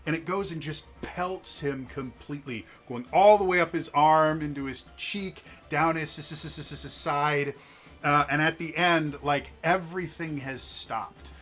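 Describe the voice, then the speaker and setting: A man's voice: on the high side, a little slow, fairly bright tone, faint music behind. A man running a tabletop game as game master, narrating scenes and stumbling over repeated words.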